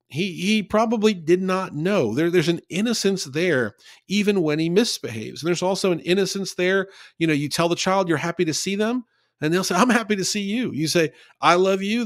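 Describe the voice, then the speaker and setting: A man's voice: high voice, no room sound, studio quality. A man giving a conversational Bible study, talking in an earnest, folksy way and repeating points for emphasis.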